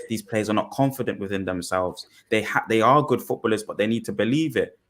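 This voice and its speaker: Measured man with a lowish voice. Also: a bit bright. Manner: deliberate, with many ums and restarts. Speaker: panelist. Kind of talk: measured fan podcast discussion.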